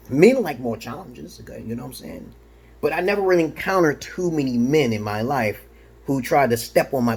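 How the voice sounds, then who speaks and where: A man's voice: on the high side, a little mellow, slightly rough. A man from Brooklyn, New York, rambling through a casual vlog monologue in a boastful, provocative and profane way, tagging "okay?" onto his points. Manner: peppers talk with "okay?". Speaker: vlogger.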